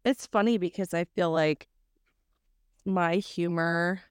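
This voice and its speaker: A woman's voice: lowish voice, takes it slowly, clean tone, no room sound, studio quality. A young woman from South Mississippi co-hosting a true crime podcast, blunt and joking with frequent swearing. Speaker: podcast co-host. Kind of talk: casual true crime chat.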